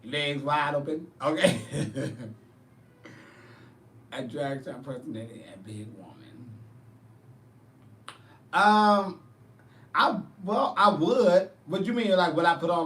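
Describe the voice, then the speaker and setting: A man with a higher-than-usual voice, chatting casually with viewers as a drag performer and show host. He tells animated, profane stories, and he sits back from the mic in a roomy space. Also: distant mic. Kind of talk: casual chat answering viewers.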